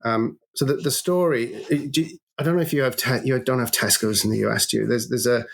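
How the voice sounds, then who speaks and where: A man, an agency co-founder, talking as a guest in a business interview with an animated, storytelling manner and frequent restarts. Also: mid-range voice, a little fast, vocal fry.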